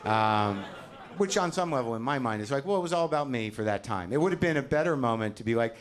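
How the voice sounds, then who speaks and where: A man's voice: medium pitch, animated, fast talker, raised voice, a little hiss or hum. An older man doing a self-deprecating stand-up routine on a comedy stage, talking conversationally into a handheld mic. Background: audience laughter.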